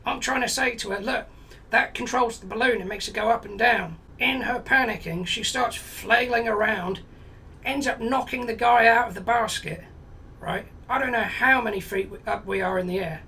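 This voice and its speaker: In a high, sharp voice at a moderate pace, a man from England in his forties tells a comic story, sweary, blunt and exasperated, stuffed with quoted lines. He's far from the mic, and the low-quality recording carries a little hiss or hum.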